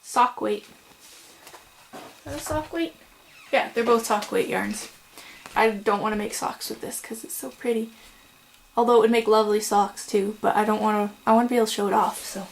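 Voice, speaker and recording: A young woman chatting casually to camera at home about her crochet projects, with frequent "um"s and "so"s and quick apologies. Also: medium pitch, little pitch movement, vocal fry, a little hiss or hum, poor audio. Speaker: crochet vlogger. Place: home room.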